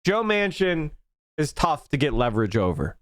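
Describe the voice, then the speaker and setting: A male political commentator from Pennsylvania ranting on a live stream, heated and profane, often breaking into shouts. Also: a little high, sing-song, moderate pace, dry recording, clean studio sound.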